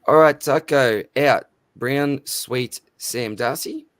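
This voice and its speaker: A man's voice: medium pitch, takes it slowly, fairly bright tone, clear, resonant tone, no echo, clean studio sound. A man with an Australian accent hosting a live stream in casual chat, matey and chatty as he reads out viewer names. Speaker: livestream host.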